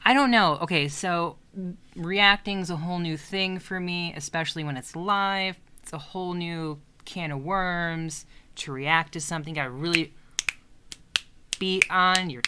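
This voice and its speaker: A woman's voice: fairly low pitch, unhurried, slight background noise. A woman hosting a casual livestream, chatting in a rambling, hesitant way with many restarts. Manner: coos softly when talking to her cat. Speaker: livestream host.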